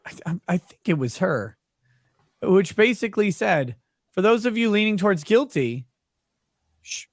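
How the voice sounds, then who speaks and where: A man talks casually to his stream audience, mixing legal commentary with wry jokes. His voice sits a touch high. The sound is close and dry, with no room around it. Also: big pitch swings, moderate pace, no echo. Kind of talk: casual live-stream chat.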